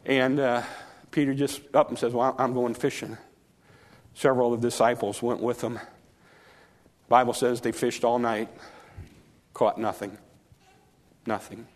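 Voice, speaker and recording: A man preaching a sermon, retelling scripture as a story with acted-out dialogue, slowing down and dropping softer for emphasis. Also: medium pitch, flat delivery.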